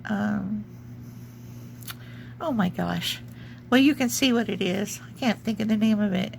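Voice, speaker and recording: Slow, gravelly woman chatting about crafts. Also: medium pitch, a little mellow, slight background noise. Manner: rambling, searches for words, many ums. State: has the hiccups. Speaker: junk journal crafter. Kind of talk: casual craft show-and-tell.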